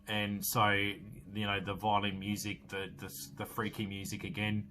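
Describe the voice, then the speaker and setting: Aussie guy in his 40s rambling thru a movie plot, lowish voice with a bright edge. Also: level tone, a little slow, hardly any pauses, slight background noise. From Australia. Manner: rambling, filler-heavy storytelling with many restarts. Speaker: podcast host. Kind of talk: casual film review recap.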